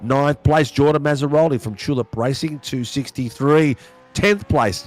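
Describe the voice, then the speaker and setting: A man's voice: medium pitch, a little mellow. Laughing man calling sim racing. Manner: chatty, laughing, slangy banter. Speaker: race commentator.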